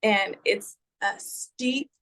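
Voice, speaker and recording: A woman of middle pitch joins a fitness check-in over a video call. She talks casually, telling stories with plenty of fillers. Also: extremely slow, a bit bright, poor audio. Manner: chatty, storytelling with fillers. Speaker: guest, fitness group member. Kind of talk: casual conversation.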